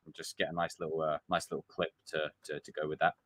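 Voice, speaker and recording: A man hosting a live stream, chatting casually and excitably about a TV show and acting out quotes. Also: very deep voice, fast talker, a little hiss or hum. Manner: animated, excitable, acts out quotes.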